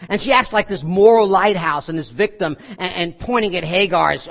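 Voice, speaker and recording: A man's voice: high voice, a little fast, gravelly, dull audio. A middle-aged male pastor preaching a conversational sermon and acting out the scenes he tells.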